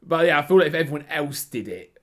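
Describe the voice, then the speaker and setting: A man's voice: a little high, expressive, fast, a bit bright. A man co-hosting a casual film review chat, talking hesitantly with many restarts. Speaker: podcast co-host.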